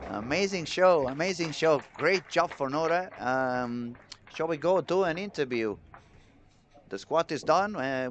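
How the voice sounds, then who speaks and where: Excitable male bowling commentator. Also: a little high, a little hiss or hum. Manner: chatty, excitable, reads chat messages aloud. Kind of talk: live sports commentary.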